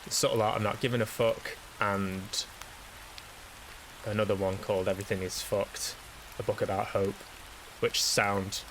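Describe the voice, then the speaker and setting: A man with a fairly low voice talks his way through a casual solo podcast monologue. He rambles with plenty of swearing and self-deprecation, and faint hiss sits underneath. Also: low-quality recording. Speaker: podcast host.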